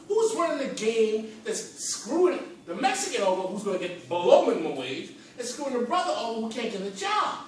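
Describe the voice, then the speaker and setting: A man's voice: sits high, big pitch swings, fairly quick, hardly any pauses, a little hiss or hum. A man speaking on a conference panel, with fervent, preacher-like rhetorical questions and a rising and falling emphasis. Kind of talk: impassioned panel speech. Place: conference hall in a library. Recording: echoey hall from far off.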